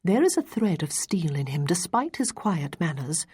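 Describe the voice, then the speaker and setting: A woman voicing an earnest, steady Regency lady and mother in an audiobook, speaking in a measured way. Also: low-pitched, breathy edge, exaggerated voice.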